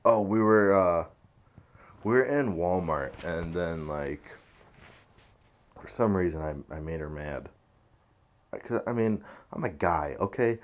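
Low, slow-talking tired man ranting. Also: darkish tone. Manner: swearing, rambling, loose and tired. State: low energy, uncaffeinated. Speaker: podcast host. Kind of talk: casual solo podcast rant.

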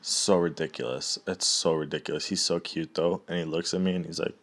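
A man's voice: a bass voice, level tone, fast, few pauses. A young man in a casual, rambling rant, swearing often and laughing at his own stories.

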